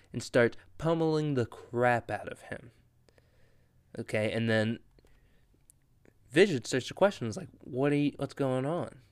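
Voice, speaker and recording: A man's voice: mid-range voice, smooth, no room sound, studio quality. A man hosting a podcast, recapping a comic story in a chatty, wry way. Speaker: podcast host. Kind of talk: casual comic book recap.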